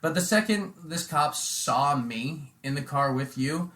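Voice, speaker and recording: A man in casual podcast chat, telling stories in a relaxed way full of "like" and "you know". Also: fairly high pitch, a little slow. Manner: relaxed storytelling, loose with fillers like "like".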